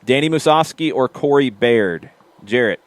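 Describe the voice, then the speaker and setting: A man hosting a casual soccer podcast, quick and lively, teasing his co-hosts. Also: medium pitch, dry recording. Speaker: podcast host. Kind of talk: casual sports chat.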